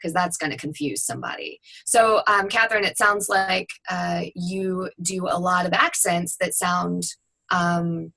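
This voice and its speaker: A woman's voice: fairly low pitch, a little slow, creaky, pushed and bright, rough recording. A woman guest on a webinar giving frank, conversational voiceover advice. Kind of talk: casual advice talk.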